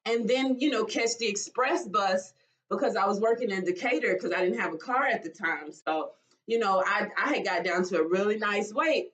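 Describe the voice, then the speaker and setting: Woman, forties, personal vlog, halting, emotional, slightly distant mic. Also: mid-range voice, fairly bright tone. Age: 40s. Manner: tired, halting and emotional, with sighs and restarts. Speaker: vlogger.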